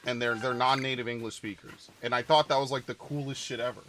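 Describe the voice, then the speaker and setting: A man's voice: mid-range voice, fairly even intonation, fast talker, fairly bright tone, a little hiss or hum. A young man rambling casually over gameplay, chatty and swearing offhand. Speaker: gaming channel host.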